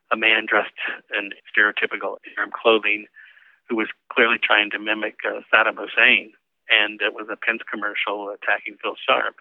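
A man's voice: fairly low pitch, no room sound. A man, a former campaign manager, recalling events in a conversational interview with fillers. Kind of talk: interview recollection. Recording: tinny phone line.

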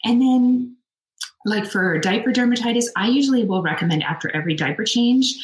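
A woman's voice: a little high, a little fast, roomy sound, poor audio. A woman dermatologist giving practical skin-care advice in an interview. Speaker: dermatologist guest. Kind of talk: expert interview answers.

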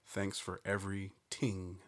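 Low-voiced man trading jokes. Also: monotone, a little slow. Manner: loose, laughing, swears casually. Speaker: podcast co-host. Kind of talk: casual joke-telling chat.

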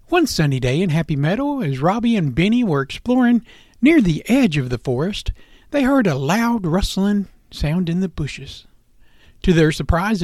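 High-voiced man narrating a children's story. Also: dry recording, clean studio sound. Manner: gentle, expressive storytelling.

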